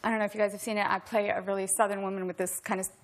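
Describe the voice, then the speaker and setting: A woman's voice: medium pitch, racing. A woman appearing as an actor guest on a talk show, telling stories with lots of laughter. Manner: giggly, animated storyteller.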